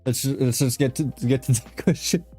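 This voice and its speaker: A man's voice: medium pitch, moderate pace, mellow. A man hosting a casual interview, laughing often, swearing loosely and restarting his sentences. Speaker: host.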